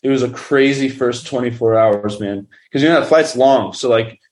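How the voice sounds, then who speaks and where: A man's voice: medium pitch, normal speed, darkish tone. A man who makes documentaries, telling a story in a casual, rambling way, full of fillers. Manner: rambling, filler-heavy with constant "like". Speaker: documentary filmmaker.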